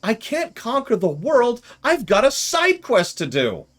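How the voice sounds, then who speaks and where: An earnest little girl adventurer, as a man voices her in a high squeak, with a sweet, adorable sing-song lilt. The voice jumps far above his normal pitch and comes out slow and emphatic. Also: wildly swooping pitch, fairly bright tone, exaggerated voice.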